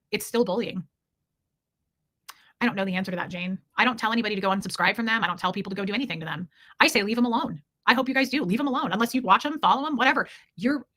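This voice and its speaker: Fast-talking bright-voiced woman livestreamer. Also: mid-range voice. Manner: blunt, indignant, repetitive emphasis. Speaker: livestream host reading chat. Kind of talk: casual livestream talk.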